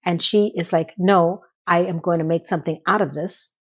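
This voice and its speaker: A woman's voice: on the low side, steady tone, moderate pace, highs cut off. A woman giving a casual, opinionated recap of a TV episode. She retells scenes by acting out the quotes and drops blunt asides.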